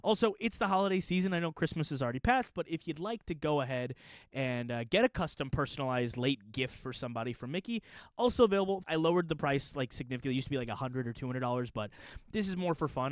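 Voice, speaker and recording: A young man talking casually to his viewers in a chatty, joking manner, with quick asides. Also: mid-range voice, animated, dry recording. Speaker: youtuber. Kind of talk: casual vlog explainer.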